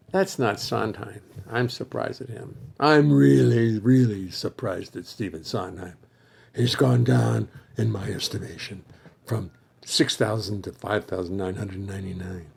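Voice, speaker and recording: Gravelly, hoarse man rambling on a livestream. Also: fairly low pitch, steady tone, measured pace, a little mellow. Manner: chatty, wandering, thinks aloud and greets viewers by name. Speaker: musician hosting a livestream for fans. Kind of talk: rambling casual livestream chat.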